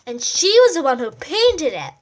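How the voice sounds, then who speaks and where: A woman reading a picture book aloud in an animated way and adding chatty comments about the pictures. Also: sits high, moderate pace, slight background noise. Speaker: storyteller.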